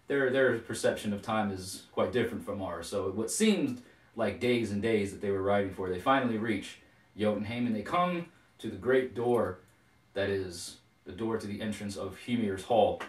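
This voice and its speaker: A man retelling an old myth in a casual, rambling way full of fillers, recorded with a roomy echo from a distant mic. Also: lowish voice. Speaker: storyteller.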